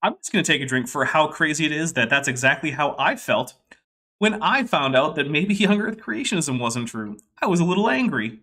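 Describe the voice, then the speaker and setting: A man's voice: on the high side, big pitch swings, a little fast, pushed and bright. A man co-hosting a casual livestream, chatting and reading out viewer comments. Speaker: co-host.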